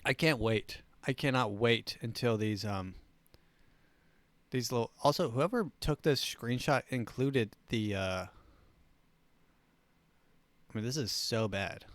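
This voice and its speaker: A man's voice: medium pitch, takes it slowly, long pauses, no echo. A man hosting a comedy show, reading news items and riffing on them sarcastically. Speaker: show host.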